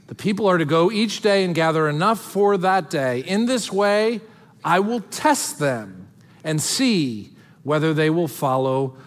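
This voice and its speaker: A young man preaches in a lively, high voice that swings up and down as he talks. He reads scripture, then drops into easy, joking asides. His sermon rings out with a long reverb through a church hall. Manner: animated, conversational, jumps between scripture reading and joking asides. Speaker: pastor.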